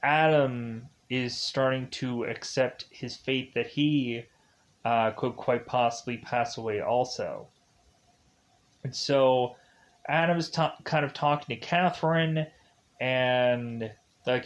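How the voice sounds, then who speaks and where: A man recapping a film in a casual, rambling way, with many fillers, and retelling the scenes loosely in the present tense. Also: medium pitch. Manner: rambling, filler-heavy, with many likes and kinda's. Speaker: film reviewer. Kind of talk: casual spoken movie recap.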